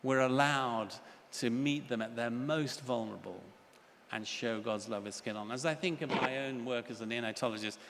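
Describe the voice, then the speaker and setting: At a conference, an older man speaks earnestly from the plenary stage at a moderate pace, his medium-pitched voice a bit bright. He tells stories and mimics children, while the large hall adds reverb, faint ambience and slight background noise.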